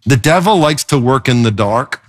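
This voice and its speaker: A male pastor preaching a sermon in an expressive, emphatic way, often swinging his pitch for effect. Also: normal speed.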